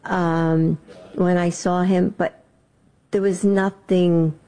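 Woman, interview guest, slow, hesitant, low mellow voice. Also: flat delivery. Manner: hesitant, with many ums.

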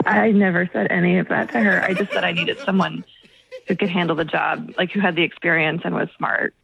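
Woman on a muffled phone line, gravelly voice, polite, baffled. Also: on the low side, steady tone, a little fast, a bit bright. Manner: confused, polite, increasingly exasperated. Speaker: prank call target.

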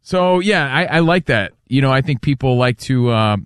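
Animated, chatty male radio host. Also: mid-range voice, moderate pace, clean tone, no echo, studio quality. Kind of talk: casual studio banter.

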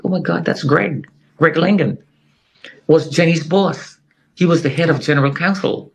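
A man's voice: a little high, moderate pace, gravelly. A middle-aged man telling a personal story in an interview, acting out the lines of the people in it. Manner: vivid, acts out quoted dialogue. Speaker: interview guest.

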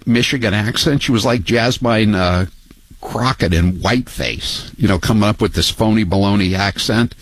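An older man hosting a talk radio show, talking in a halting way with many fillers and mocking asides. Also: lowish voice, no room sound, low-quality recording. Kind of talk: talk radio monologue and calls.

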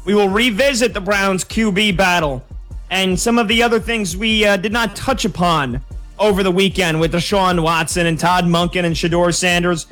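A man's voice: high voice, pushed and bright. A man hosting a sports betting radio show, joking with co-hosts and reading calls and texts.

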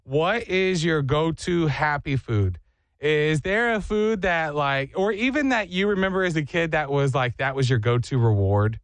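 A man hosting a morning radio show, telling stories in an animated way and mimicking other people's voices. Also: on the high side, normal speed, no echo. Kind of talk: casual morning radio chat.

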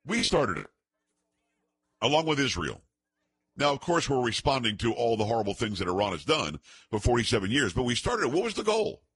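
A male talk radio host with a bright, forceful edge and a husky grain to his voice. He argues emphatically and leans on rhetorical questions, recorded close and dry in a studio. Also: medium pitch, sing-song, a little fast, dry recording. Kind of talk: talk radio monologue and call-in.

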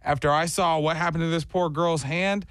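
A man hosting a morning radio show, chatting casually and telling stories with quick laughs. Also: on the high side, fairly even intonation, fairly bright tone, no room sound, clean studio sound. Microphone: studio microphone.

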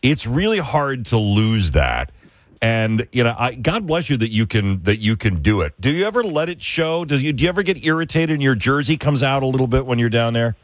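A man's voice: mid-range voice, big pitch swings, brisk, dry recording. A man from Western New York hosting a morning radio show, chatting casually and rambling with restarts.

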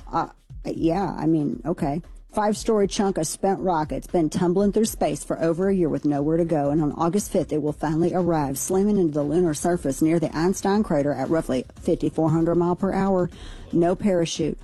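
Chatty woman with a dark, husky voice. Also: low voice, a little fast, faint music behind. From Missouri. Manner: chatty, opinionated, wry. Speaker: radio show co-host. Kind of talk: casual news chat.

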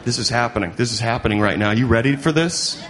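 Mid-pitched male comic, chatty and then yelping, with a noisy club behind him. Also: fast. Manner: conversational, jumps to yelped punchlines. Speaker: stand-up comedian. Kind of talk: stand-up comedy. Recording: noisy comedy club recording.

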